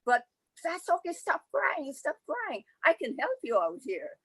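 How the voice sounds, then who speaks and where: A woman voicing a small, friendly male devil, new at his trade, in a soft high voice. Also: wildly swooping pitch, measured pace, dry recording, full character voice. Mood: coaxing.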